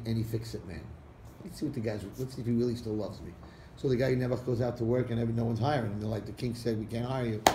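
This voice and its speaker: Animated storytelling rabbi, echoey hall. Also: male voice, medium pitch. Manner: animated storyteller acting out characters' lines. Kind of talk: storytelling talk to an audience. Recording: echoey room recording with faint background noise.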